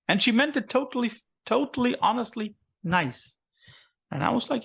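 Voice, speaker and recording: A man's voice: sits high, animated, brisk, gravelly, fairly bright tone, slightly rough. A man interviewing a guest in a chatty, rambling way with many fillers. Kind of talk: casual interview talk.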